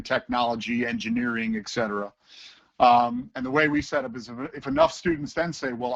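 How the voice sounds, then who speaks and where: Man, teacher, lively storytelling, gravelly, lo-fi call audio. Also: medium pitch. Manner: animated storyteller who acts out voices. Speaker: teacher, interview guest. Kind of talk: casual interview talk.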